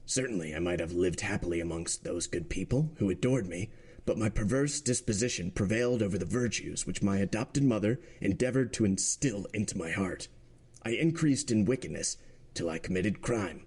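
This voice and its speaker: A man's voice: lowish voice, expressive, normal speed, a little mellow, breathy edge. A man voicing a bitter, defiant young criminal speaking in court.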